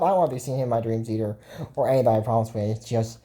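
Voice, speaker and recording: A woman's voice: a bass voice, very fast, dark tone. A woman casually recapping a cartoon episode, rambling and chatty, and quoting the characters as she retells it. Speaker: video commentator.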